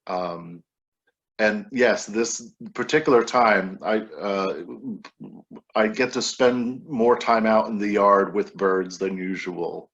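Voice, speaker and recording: Low-voiced man reading poems. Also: takes it slowly. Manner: relaxed, wry asides between poems. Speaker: poet reading his work. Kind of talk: poetry reading. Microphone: video call. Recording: dull lo-fi video-call audio.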